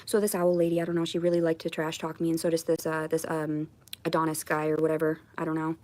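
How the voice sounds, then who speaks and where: Rambling low-voiced woman livestreaming. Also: monotone, fast talker, a little mellow. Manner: rambling, self-deprecating. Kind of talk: casual livestream chat. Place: at home on camera.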